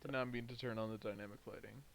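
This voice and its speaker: A man acting as game master, explaining the rules in a relaxed way. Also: medium pitch, fast talker, creaky. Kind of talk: running a tabletop game over voice chat.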